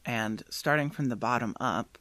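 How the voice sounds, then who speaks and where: A young woman with a very low voice co-hosts a casual movie podcast. She makes dry, wry remarks. The recording is dry and close, with no room echo. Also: moderate pace, fairly bright tone. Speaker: podcast co-host. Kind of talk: casual movie-review chat.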